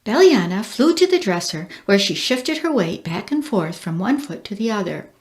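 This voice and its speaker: A woman reading a storybook aloud as narrator, measured and expressive. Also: medium pitch.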